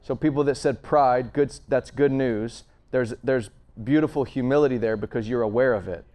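A man preaching a conversational sermon, earnest and storytelling, swinging between emphatic lines and hushed asides. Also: mid-range voice, normal speed. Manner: frequent fillers and restarts, storytelling.

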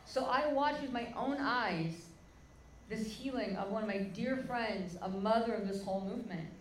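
A woman's voice: fairly high pitch, normal speed, slight background noise. A woman preacher telling a heartfelt story from the pulpit, her voice rising with feeling as she speaks to the crowd. The sound carries a roomy echo with faint background ambience. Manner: emotional storytelling, addresses crowd as "guys". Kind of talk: sermon testimony.

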